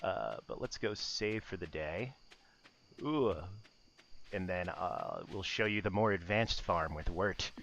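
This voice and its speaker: A man's voice: sits low, lively intonation, slow pace, creaky, a bit bright, slight background noise. A young man casually chatting while streaming a game, explaining things easily and laughing often. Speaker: podcast co-host streaming a game. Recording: slightly dull audio with faint music.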